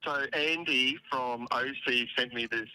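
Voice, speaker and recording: An Australian man calls into a live show, his bright, sharp-edged voice coming through a thin call line. He talks in a dry, teasing way. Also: medium pitch, unhurried, dry recording, poor audio. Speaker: caller. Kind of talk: casual phone call-in.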